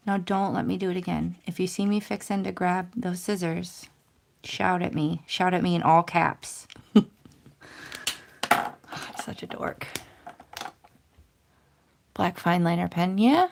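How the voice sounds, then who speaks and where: A thirtysomething crafting host chats with her livestream viewers as she stamps and colors, rambling and self-deprecating. Her voice sits on the low side, creaky and a little mellow, at normal speed with slight background noise.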